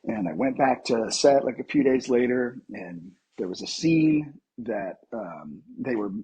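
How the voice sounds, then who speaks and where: A man from Colorado tells a story from his acting life in an easy interview setting. His voice is strongly husky and sits in a middle range. He talks in an animated way with plenty of fillers. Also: medium pitch, a little slow, poor audio. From Colorado, USA. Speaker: actor, podcast guest.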